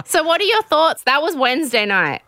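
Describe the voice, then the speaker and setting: A woman hosting a podcast, telling a gossipy, animated recap in casual chat. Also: high voice, fairly quick, no room sound, clean studio sound.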